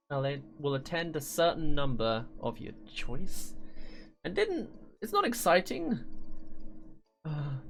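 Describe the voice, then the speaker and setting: A man's voice: fairly high pitch, a bit bright. A man talking casually through a game on a live stream, rambling, stumbling over words and laughing often. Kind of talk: live-stream gameplay commentary. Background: faint game music.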